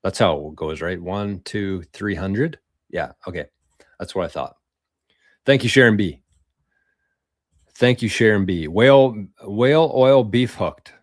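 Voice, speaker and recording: A man hosting a casual livestream, reading viewer comments aloud in a loose, swearing, chatty way with quick laughs. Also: on the low side, animated, no echo, studio quality. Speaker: livestream host.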